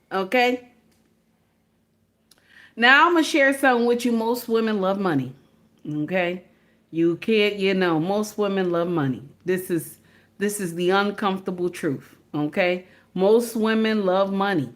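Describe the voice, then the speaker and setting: A woman's voice: on the high side, lively intonation, takes it slowly, pauses often. A woman giving emphatic, preachy casual commentary to her viewers, repeatedly checking in with "okay?".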